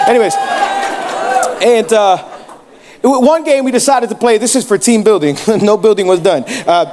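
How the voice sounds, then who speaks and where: A young pastor with a high voice preaches a sermon. He tells jokey stories and keeps asking the crowd questions. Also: a little mellow. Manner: joking, storytelling, asks the crowd questions.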